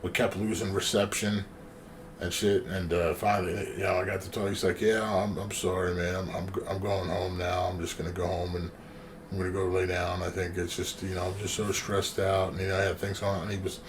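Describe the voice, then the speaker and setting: Man, low voice, rambling storyteller, profane, noisy background. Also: fairly quick. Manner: rambling, profane, animated retelling with quoted voices. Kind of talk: casual storytelling chat.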